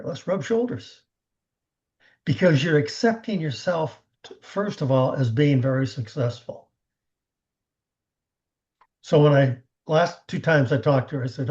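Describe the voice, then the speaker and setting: A man giving a motivational coaching talk on a team call, animated, acting out the conversations he retells. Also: on the high side, muffled recording. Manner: animated storyteller who acts out quoted conversations.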